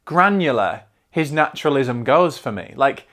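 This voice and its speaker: A man's voice: mid-range voice, expressive, moderate pace. A man with a Northern English accent hosting a casual film review show, chatty and digressive, often restarting his sentences. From north of England.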